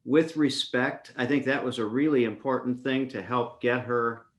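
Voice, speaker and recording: A man's voice: medium pitch, fairly even intonation, normal speed. Friendly man asking interview questions.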